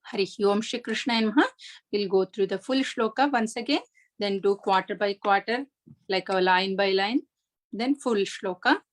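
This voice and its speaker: A woman teaching the pronunciation of a chanted verse, patiently explaining each sound step by step and chanting the lines slowly. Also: mid-range voice. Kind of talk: online pronunciation lesson.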